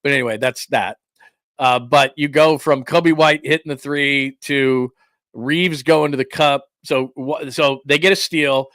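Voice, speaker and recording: A man's voice: mid-range voice, fairly even intonation, unhurried, a bit bright, no echo, studio quality. A man hosting a casual sports talk show, chatting with viewers in a rambling, self-interrupting way.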